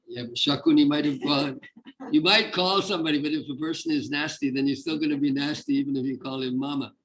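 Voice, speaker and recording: Man teaching with a high voice. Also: a bit bright, poor audio. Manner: explains slowly with many restarts and fillers. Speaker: Sanskrit teacher. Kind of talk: casual online class teaching.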